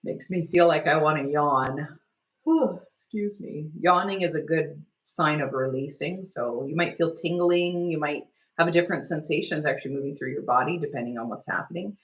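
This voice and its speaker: A woman leading a live online healing workshop, talking gently and loosely, with many restarts and fillers as she guides a self-care technique. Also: sits low, normal speed, low-quality recording. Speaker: energy healing teacher.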